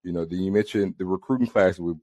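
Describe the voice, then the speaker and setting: A man with a low voice talks confidently on a casual sports podcast, filling his pauses with "um". The sound is dry and close. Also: a little mellow, no room sound. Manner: confident, with frequent "um" fillers.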